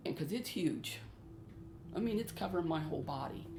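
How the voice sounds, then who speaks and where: Over music, a middle-aged woman describes hauntings in her home for a paranormal show, earnest and anxious and frequently repeating herself. She has a low, expressive voice at normal speed, and the echoey room carries faint noise.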